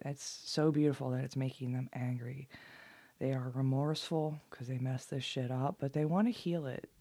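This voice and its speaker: A woman giving a casual tarot reading, drifting into soft whispers and trailing phrases. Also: a bass voice, steady tone, moderate pace. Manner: swearing, giddy, laughing often. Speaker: tarot reader.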